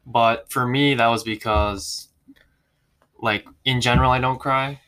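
A man's voice: mid-range voice, steady tone, measured pace, bright, forceful tone. A man in casual conversation, thoughtful and questioning, with many filler words. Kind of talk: casual chat.

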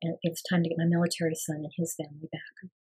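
An older woman telling a personal story as an interview guest, earnest and soft, often dropping to a hushed near-whisper. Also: deep voice, flat delivery, racing, slightly rough.

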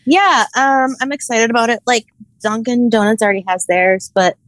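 A tired woman co-hosting a podcast, chatting in a relaxed, drawn-out way. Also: on the high side, dry recording, rough recording. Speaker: podcast co-host. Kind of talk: casual chat.

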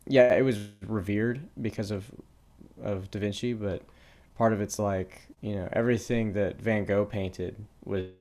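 A young man co-hosting a podcast, with a fairly low voice. He rambles loosely, leans on "like" all the time, and keeps asking questions. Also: fairly even intonation, measured pace, darkish tone. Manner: rambling, filler-heavy, asks many questions. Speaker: podcast co-host. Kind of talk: casual chat.

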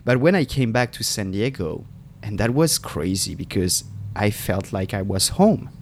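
French guy in his 30s, chatty and animated, swears a lot, bit of noise behind. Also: on the low side, normal speed. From France. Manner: animated, swearing, restarts sentences. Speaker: podcast co-host. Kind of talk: casual chat.

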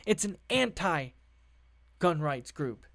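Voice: mid-range voice, sing-song, slow pace, creaky, fairly bright tone. A sarcastic political commentator who reads out news and breaks into profane rants. The delivery is heated, mocking and full of rhetorical questions.

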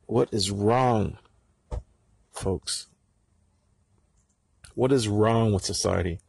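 A middle-aged man with a husky voice, ranting angrily and sarcastically with plenty of profanity in a podcast monologue. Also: fairly low pitch, very slow, long pauses, darkish tone, no room sound.

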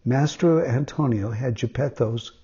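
A man's voice: mid-range voice, measured pace, slightly rough. A man reading a classic children's story aloud as a weekly installment, telling it expressively. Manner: expressive storytelling with voiced quotes. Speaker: storybook reader. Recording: dull lo-fi sound.

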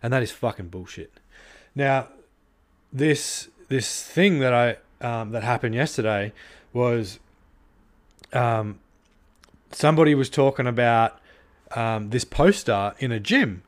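A man's voice: medium pitch, expressive, slow, pauses often. A man hosting his podcast, talking alone in a heated way, with frequent swearing and many fillers. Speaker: podcast host. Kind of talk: solo podcast monologue.

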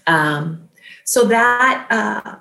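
A woman's voice: medium pitch, animated, creaky, pushed and bright. Earnest woman telling her story, roomy echo. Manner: earnest, halting, many fillers, voice rising when quoting herself. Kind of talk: emotional personal storytelling.

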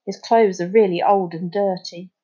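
A woman's voice: mid-range voice, steady tone, normal speed, mellow, husky, lightly acted. A woman reading aloud as a kind, thoughtful young boy with a matter-of-fact way of talking. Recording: slightly muffled recording.

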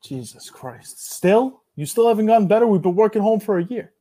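A young man co-hosting a podcast in casual banter, loud and jokey as he reads an ad. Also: high voice, steady tone, racing. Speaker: podcast co-host.

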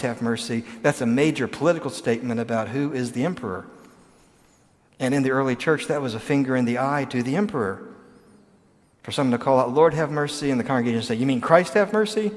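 A man preaching a sermon, talking it through in a plain, conversational way with asides and restarts. His voice sits at an ordinary middle pitch and carries a long reverb from the church hall around him. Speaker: pastor. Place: church sanctuary.

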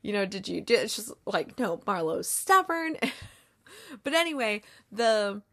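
A woman retells a movie plot in a loose, chatty way, slipping into the characters' lines. She sounds close to tears. Her mid-range voice has a slightly gravelly edge. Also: medium pitch, lively intonation, a little slow. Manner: chatty retelling, acts out quotes, fillers like "like". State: tearful, near crying. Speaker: podcast host reviewing movies. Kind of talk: casual movie recap.

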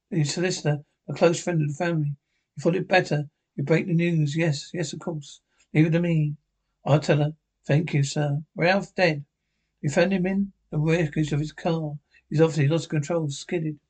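A man reading a horror film script aloud, with dialogue and sound cues, in a flat way with small slips. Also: on the high side, moderate pace, slightly rough. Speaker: reader.

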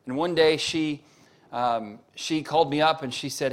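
A man's voice: a little high, moderate pace. A man preaching a sermon as pastor, telling stories to the congregation and building to emphatic peaks. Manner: preaching with rising emphatic peaks and story asides; addresses congregation with show-of-hands questions.

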